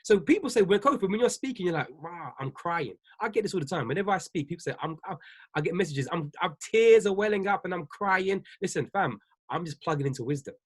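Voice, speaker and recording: A man's voice: high-pitched, animated, quick pace, husky. A man, a business coach giving a preachy, emphatic livestream talk to his viewers. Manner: preachy, repetitive, emphatic, laughs often.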